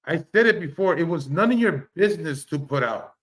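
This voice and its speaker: A man with a somewhat high voice rants through a livestream about online drama. He swears freely and keeps stumbling over himself, restarting sentences as he pushes his point. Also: expressive, a little fast. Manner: heated, repetitive, swears freely, stammers and restarts. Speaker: livestream commentator. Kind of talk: ranting commentary on online drama.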